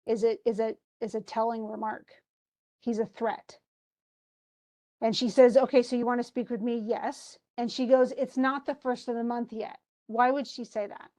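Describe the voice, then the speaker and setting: A woman's voice: on the high side, a little mellow. Woman teacher retelling a play scene. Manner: reads quoted lines aloud with restarts and asides. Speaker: literature teacher.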